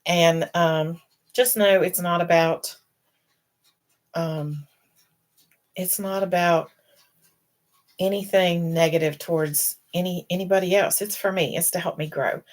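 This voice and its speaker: Low-voiced woman chatting tearfully on a stream. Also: fairly even intonation, unhurried, long pauses. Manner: rambling, emotional, fighting back tears. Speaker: host. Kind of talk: casual live-stream chat.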